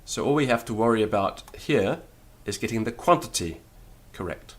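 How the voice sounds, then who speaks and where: A man teaching Latin in a lecture, deliberate and careful, sounding out syllables one by one. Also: on the low side, expressive. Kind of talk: spoken lecture.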